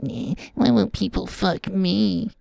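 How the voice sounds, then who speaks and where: A man's voice: high voice, slow pace, vocal fry, dark tone, no room sound, voice pushed up, full character voice. A man putting on the voice of a whiny, self-pitying young man to mock him.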